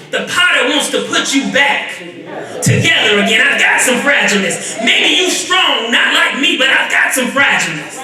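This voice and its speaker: High-voiced man preaching in an echoey church. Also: far from the mic. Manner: preaching that swells into shouts. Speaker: minister. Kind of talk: call-and-response sermon. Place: large church sanctuary. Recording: echoey church miked from afar, congregation audible.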